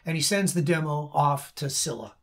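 A man's voice: on the high side, normal speed. A male guest musician telling a story casually and animatedly, often stopping and restarting mid-sentence as he explains a song and demonstrates it. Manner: animated storyteller who acts out other people's lines.

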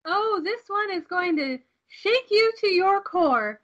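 Woman playing a smug villainous mother, very high bright voice, slightly dull sound. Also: animated, slow, full character voice. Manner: smug, teasing.

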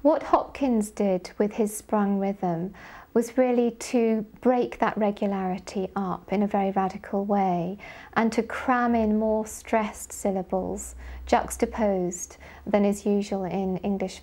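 A woman who is a literary scholar, speaking deliberately in a documentary interview and reading poetry aloud with marked stress. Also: medium pitch, steady tone, mellow.

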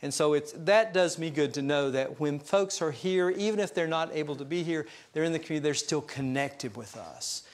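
A male pastor from a Southern mountain region delivers a sermon in a folksy, self-deprecating way, telling stories. His voice sits somewhat high for a man. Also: fairly quick, few pauses. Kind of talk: sermon storytelling.

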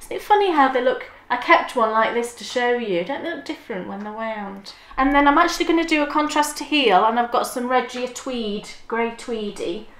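A woman's voice: a little high, lively intonation, brisk, few pauses, fairly bright tone. A woman co-hosting a podcast in casual, enthusiastic chat and laughing easily. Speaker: podcast co-host. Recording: roomy echo.

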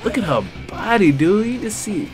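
A young man giving let's play commentary, loud and excitable, talking back to the characters on screen. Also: high-pitched, normal speed, over music. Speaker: gaming YouTuber.

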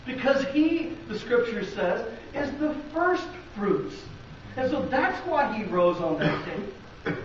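A man's voice: extremely high pitch, sing-song, slow pace, noisy background. A man with a Midwestern American accent preaching a sermon in a church, talking conversationally and asking the congregation rhetorical questions. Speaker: pastor. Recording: very echoey, distant, dull lo-fi.

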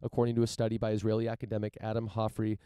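A man from the United States commenting casually on news and reading passages aloud, halting and repeating words as he searches for his point. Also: fairly low pitch, monotone, mellow, clean tone, dry recording, clean studio sound. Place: outdoors in front of a mansion.

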